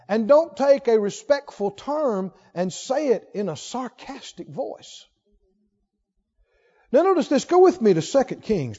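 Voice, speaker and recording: A man's voice: very high-pitched, warm tone. A man preaching a sermon who puts rhetorical questions to his congregation. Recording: long hall reverb, dull lo-fi sound.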